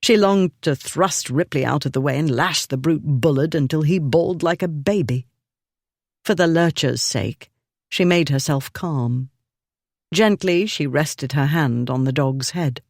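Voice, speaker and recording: A narrator reading a historical romance novel in a measured storytelling manner. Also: mid-range voice, gravelly, no echo, clean studio sound. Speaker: audiobook narrator.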